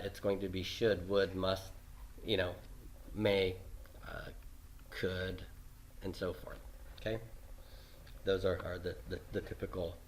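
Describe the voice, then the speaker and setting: A male teacher giving a recorded class lecture, patient and repetitive, often checking in with "okay?" and slowing down on key terms. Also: fairly low pitch. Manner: lots of fillers and restarts, slowing on key terms.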